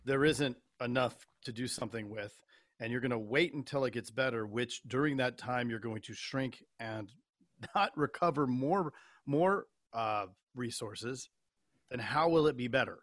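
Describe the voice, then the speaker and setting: Male co-host, casual, halting delivery, dry room, mid-pitched. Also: fairly bright tone, no echo. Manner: thinking aloud, stammers while reading out data. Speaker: podcast co-host. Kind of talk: casual chat.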